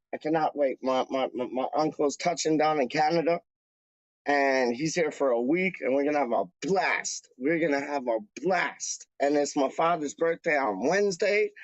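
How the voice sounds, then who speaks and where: A man whose voice is on the high side chats casually with viewers of his fan channel, rambling, slangy and repetitive. He lives in Canada, a time zone away from England, and the recording sounds dull, lo-fi and dry with no room sound.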